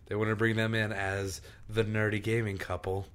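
A man's voice: lowish voice, flat delivery, normal speed, fairly bright tone, smooth. A young adult man co-hosting a podcast, chatting eagerly with friends and rambling in casual, profane banter. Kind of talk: casual chat.

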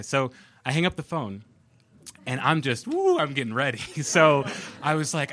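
A man telling a personal story on stage at a live storytelling event, animated and laughing as he goes. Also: mid-range voice, normal speed. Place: live event venue with audience.

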